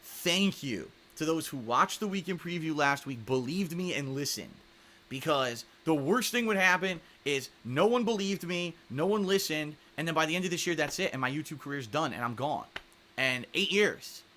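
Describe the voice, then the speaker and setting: A man with a bright, forceful voice and a somewhat raised pitch talks straight to his audience. He sounds earnest and aggrieved, and he leans hard on his points. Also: lively intonation, moderate pace. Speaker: YouTuber addressing his viewers. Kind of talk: direct-to-camera vlog monologue.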